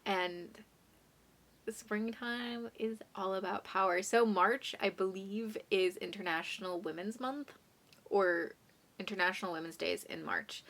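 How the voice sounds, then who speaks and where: A young woman chatting casually about books for her vlog, self-deprecating and drifting into soft asides. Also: medium pitch, measured pace. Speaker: book vlogger. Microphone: phone condenser mic.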